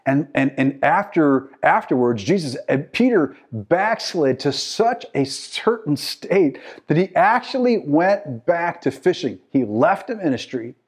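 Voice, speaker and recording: A male pastor delivers an impassioned sermon in a voice that sits fairly high for a man. He swings from hushed, drawn-out lines to loud, soaring peaks. He calls out to the congregation as he goes. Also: lively intonation, slightly rough.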